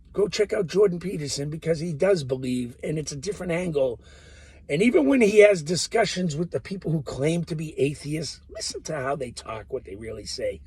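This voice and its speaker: A man's voice: a little high, darkish tone, husky, no echo. A man talking off the cuff in a rambling monologue, profane and jumping from one topic to the next. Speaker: vlogger.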